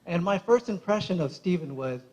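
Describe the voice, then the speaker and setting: High-voiced man giving a laughing best-man toast. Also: lively intonation, fairly quick, darkish tone, a little hiss or hum, low-quality recording. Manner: chatty, laughs often through his stories; admits he gets emotional. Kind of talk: casual wedding speech. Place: wedding reception.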